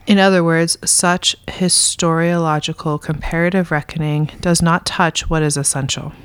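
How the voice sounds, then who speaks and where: A woman reading a dense philosophy text aloud in a measured, deliberate way. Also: low-pitched, fairly even intonation, smooth, no room sound. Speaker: reader in a philosophy reading discussion.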